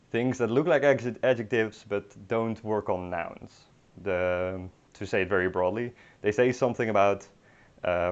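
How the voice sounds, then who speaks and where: Young male language teacher, low voice, halting delivery with dry wit, muffled lo-fi audio. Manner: hesitant, many ums and restarts, dry humor. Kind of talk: online beginner language lesson. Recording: dull lo-fi recording.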